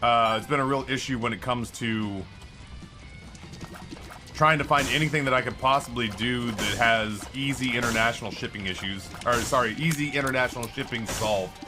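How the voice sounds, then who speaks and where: A man's voice: mid-range voice, normal speed. Male streamer, loose casual chat with frequent self-corrections, over background music. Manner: rambling, self-correcting, chatty. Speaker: game streamer.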